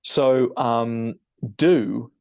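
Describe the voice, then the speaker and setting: A man, an English teacher, explaining a lesson over a shared screen, checking in with "okay?" and filling pauses with "um". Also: medium pitch, steady tone, darkish tone, clean tone. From United Kingdom. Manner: explanatory, frequent "okay?" check-ins and "um" fillers.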